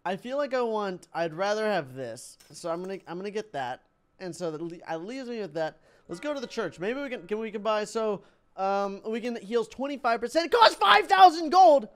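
A young man giving excitable let's-play commentary, thinking aloud and laughing as he plays. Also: high-pitched, moderate pace, clear, resonant tone. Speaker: gaming YouTuber.

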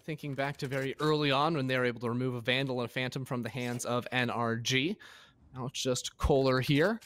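A man from North America giving quick, analytical esports commentary on a headset, laughing easily between calls. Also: mid-range voice, fairly even intonation, a bit bright. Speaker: esports caster. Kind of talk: play-by-play commentary.

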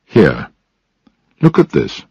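Measured male factory scientist, man reading him, very slow, dry sound. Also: low voice, wildly swooping pitch, creaky, mellow, slightly rough, dry recording, dull audio, full character voice. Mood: explaining.

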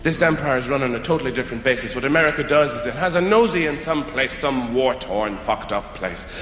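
A man's voice: mid-range voice, lively intonation, fast talker, a bit bright, slight background noise. A man doing a stand-up routine, wry and rambling, slipping into put-on voices, recorded on a stage with audience laughter. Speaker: stand-up comedian. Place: comedy venue stage. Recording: echoey hall with audience laughter.

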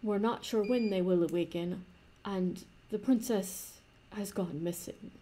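A rumpled palace guard delivers a stiff, formal report, stumbling over hesitant pauses, as a woman storyteller puts him on. The voice is mellow and breathy, close to her own. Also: medium pitch, lightly acted. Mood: grave, formal.

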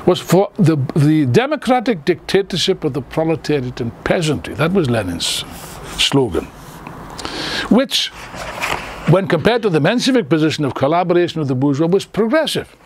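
An older man delivers a political lecture with real emphasis. His voice sits fairly high and moves through a wide, animated range. He asks rhetorical questions and often stumbles back over his words before pushing on. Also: moderate pace, a little hiss or hum.

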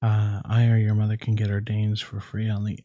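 A man's voice: fairly low pitch, monotone, a little fast, warm tone, no echo, muffled recording. A man casually chatting and teasing on a live craft stream. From North Carolina, USA. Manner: joking, teasing. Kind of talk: casual chat.

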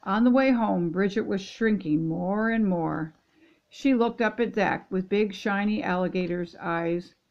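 An older woman, a grandmother reading a children's picture book aloud in gentle, steady storytelling. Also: mid-range voice, unhurried, muffled recording. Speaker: storybook reader.

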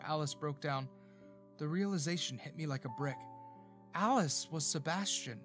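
Brief: male narrator, somewhat high voice, dramatic emotional storytelling, faint music bed. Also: moderate pace, fairly bright tone. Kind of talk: scripted first-person narration of a romance story.

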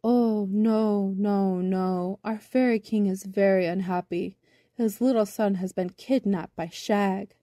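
A woman's voice: mid-range voice, steady tone, slow, dark tone, no room sound, studio quality, lightly acted. A woman voicing a seven-hundred-year-old male brownie sea captain who talks down to others in a storybook reading. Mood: scolding. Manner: lofty, scolding. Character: ancient know-it-all male brownie captain.

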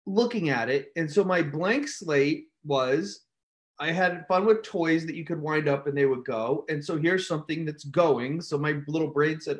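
A man hosting a casual live stream, telling a story with animated outbursts and acted-out shouts. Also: a little high, normal speed. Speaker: host.

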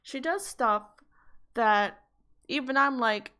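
A woman's voice: mid-range voice, steady tone, unhurried, a bit bright. A woman vlogger in a heated, blunt rant, swearing freely as she talks to her viewers. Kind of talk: angry vlog rant.

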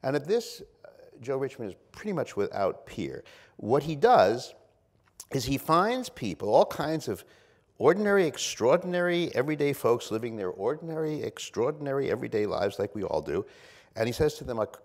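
A man's voice: mid-range voice, sing-song, normal speed. A man hosting a live event, introducing a guest to an audience in a playful, wry way. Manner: playful, wry, storytelling delivery.

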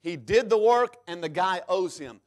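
A man preaching a sermon in church, reading scripture aloud and swinging between loud emphatic peaks and sudden hushed drops. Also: high voice, animated, normal speed. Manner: reads scripture aloud in King James English. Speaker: pastor.

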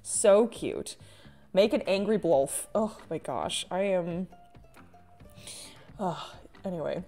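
A woman's voice: fairly low pitch, animated, slow, long pauses, warm tone, soft background music. A woman artist chatting casually and poking fun at herself while she draws on a live stream. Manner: chatty, self-mocking, with frequent laughs and sighs.

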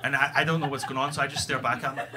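A man with a Scottish accent doing a stand-up set on a comedy club stage, telling stories in a profane, animated way into a stage microphone. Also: mid-range voice, rapid-fire. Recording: live comedy club, loud noise.

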